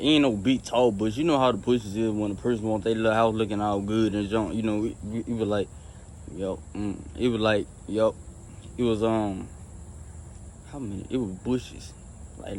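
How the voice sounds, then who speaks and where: A man casually telling a personal faith testimony, rambling and repeating himself with many restarts, earnest and soft-spoken in places. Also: lowish voice, a little hiss or hum. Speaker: storyteller sharing a faith testimony.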